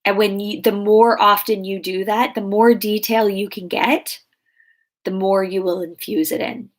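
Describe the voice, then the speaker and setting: A woman's voice: medium pitch, fairly even intonation, measured pace. A woman in her thirties coaching clients in a casual question-and-answer talk, chatty and full of fillers and restarts.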